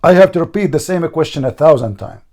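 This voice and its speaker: Hoarse, high-voiced man debating and mocking. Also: animated, fast, a little mellow. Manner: mocking, insistent, repeats questions. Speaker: debate show host. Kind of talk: heated live debate.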